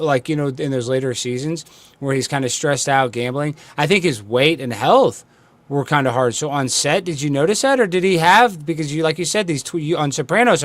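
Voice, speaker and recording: A man's voice: on the high side, no room sound. A man hosting a casual interview, rambling and opinionated as he thinks aloud. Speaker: host.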